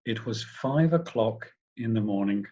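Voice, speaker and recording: Brief: male professor narrating a story, husky voice, dull lo-fi recording. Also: lowish voice, expressive, a little slow, warm tone. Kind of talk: story reading in a lecture.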